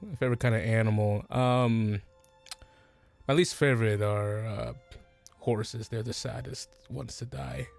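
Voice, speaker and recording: A man playing a tabletop game speaks in a laid-back, deadpan way. His voice sits at a medium pitch, and faint music plays behind him. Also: unhurried, gravelly. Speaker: player. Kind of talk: casual tabletop role-play.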